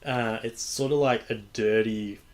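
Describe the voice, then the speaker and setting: Young aussie guy on a podcast, lowish voice, rambly and sweary, just chatting. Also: steady tone, measured pace. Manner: loose, rambling, swears freely. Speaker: podcast host. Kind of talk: casual chat.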